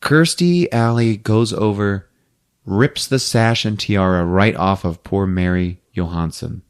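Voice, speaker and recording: A man's voice: lowish voice, a little slow, smooth. A man hosting a podcast, recapping a movie in casual chat, laughing often and acting out characters' lines. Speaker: podcast host.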